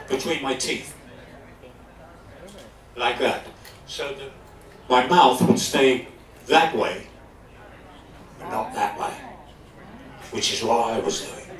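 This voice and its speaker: Older man, from London, animated stage storyteller, laughing, roomy hall, distant mic. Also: mid-range voice. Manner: animated anecdotes, often laughing. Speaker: guest actor. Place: stage in a club hall before an audience.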